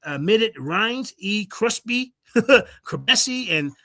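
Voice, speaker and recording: Brash, lively high-voiced man ranting. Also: takes it slowly, noisy background. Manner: brash, profane, mocking, reads out sources. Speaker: livestream host. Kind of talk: heated livestream rant.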